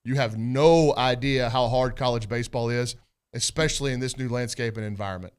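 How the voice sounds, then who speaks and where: A man hosting a sports radio discussion at an ordinary mid pitch. He drives home his points emphatically and addresses listeners directly. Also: a little fast, clear, resonant tone. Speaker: radio host.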